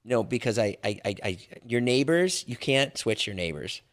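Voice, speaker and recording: A man's voice: medium pitch, normal speed. A man in his forties co-hosting a casual podcast, telling stories with many restarts and acting out what his neighbors said. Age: 40s. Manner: animated, stammering storyteller who acts out neighbors' lines. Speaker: podcast co-host. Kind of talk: casual storytelling chat.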